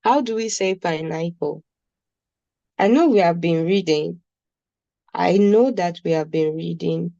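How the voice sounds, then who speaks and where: A woman's voice: lowish voice, unhurried, creaky, long pauses, mellow, no room sound, dull audio. A woman with a Nigerian accent teaching a beginner German class, patiently repeating words for her students. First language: Nigerian English speaker.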